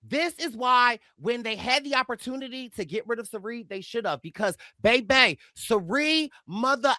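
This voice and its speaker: A man co-hosting a podcast, recapping in a dramatic, animated, chatty way. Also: very high voice, normal speed, no echo, clean studio sound. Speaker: podcast co-host. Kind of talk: casual recap chat.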